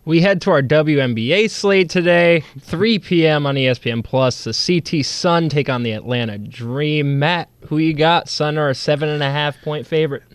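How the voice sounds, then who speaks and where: A man's voice: on the high side, normal speed, hardly any pauses, smooth, dry recording. A man on a sports talk show reading out games, times and odds, then asking the hosts for picks. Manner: reads schedules and odds, then hands off questions. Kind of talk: casual sports chat.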